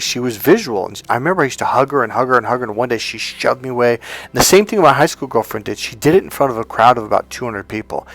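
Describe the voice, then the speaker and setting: A man coaching on dating talks casually and tells personal stories, often dropping into the voices of the people he quotes. His voice sits in an ordinary middle pitch. The recording is dry and close, with no room echo. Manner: animated storyteller, acts out quotes.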